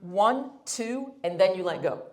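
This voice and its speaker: A woman's voice: medium pitch, lively intonation, a little slow, a little mellow. A woman giving a live workshop talk, blunt and emphatic with wry humor. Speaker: workshop speaker. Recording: roomy hall.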